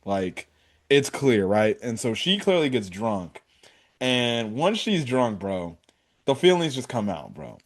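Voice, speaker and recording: A man's voice: mid-range voice, big pitch swings, slow pace. A man giving a casual, rambling anime episode review, full of fillers and slang.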